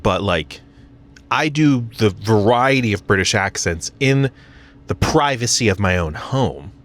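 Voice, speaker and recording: A man's voice: on the low side, expressive, measured pace, fairly bright tone. An American man vlogging from his parked car, rambling casually with lots of fillers and self-mocking asides. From United States.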